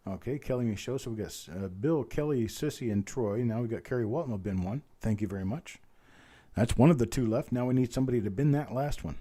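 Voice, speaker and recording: A man hosting a live-streamed coin auction, calling bids quickly and chatting with viewers by name, his voice a little strained from talking. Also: mid-range voice, dark tone. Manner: rattles off bid calls fast, chats with viewers by name.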